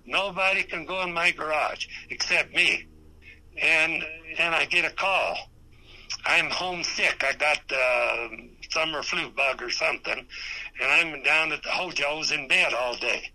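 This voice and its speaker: A man's voice: a little high, unhurried, bright, forceful tone, poor audio. A man, a former race car driver, telling a rambling and profane story in an interview, stammering and restarting often. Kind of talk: anecdote told in an interview.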